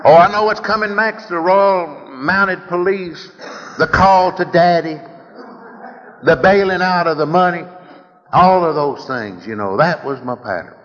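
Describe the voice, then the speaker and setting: A man's voice: sits high, measured pace, a bit bright. A man from Texas with a Texan accent, telling his recovery story at a meeting in a folksy, rambling way with repeated words. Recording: echoey hall, dull lo-fi sound.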